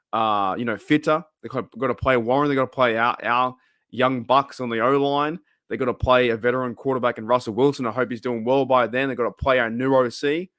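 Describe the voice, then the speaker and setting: A young Australian man talks casually as a fan-channel host, restarting his sentences and filling gaps with fillers. His voice sits in a middle pitch, and the recording is dry and close. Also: fairly bright tone, no room sound. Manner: rambling, many restarts and fillers. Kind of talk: casual chat.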